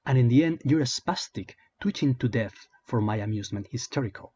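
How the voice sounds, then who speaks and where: A man's voice: mid-range voice, animated, a little fast, mellow, slightly rough. A man reading the lines of a sneering male comic-book anti-hero in a taunting tone, close to his own voice. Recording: dull lo-fi sound.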